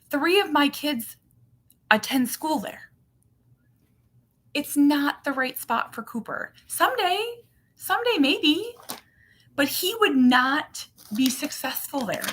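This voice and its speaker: A woman's voice: high voice, bright, forceful tone, slight background noise. A woman in her thirties or forties, a mother and channel host, chatting casually and animatedly on a livestream, full of fillers.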